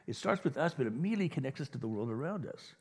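A male pastor gives a conversational sermon, slipping into the voices of imagined people to make his point. His voice is husky and sits in a middle register. A long hall reverb trails after his words. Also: mid-range voice, lively intonation, rapid-fire.

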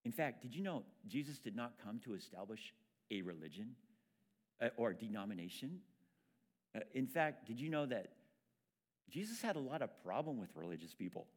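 A man's voice: mid-range voice, sing-song, moderate pace. A man preaching a sermon as pastor, talking in a conversational way with frequent restarts.

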